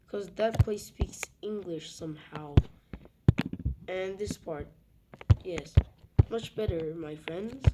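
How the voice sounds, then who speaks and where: A young woman narrating a map video in a casual, rambling way, with self-mocking asides and soft muttered remarks. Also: on the low side. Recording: loud background noise.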